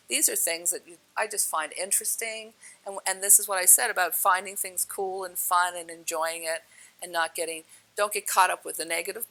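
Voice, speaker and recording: A woman telling personal stories in a casual, animated way, laughing often and acting out the dialogue. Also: on the low side, gravelly, rough recording. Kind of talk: casual spoken storytelling.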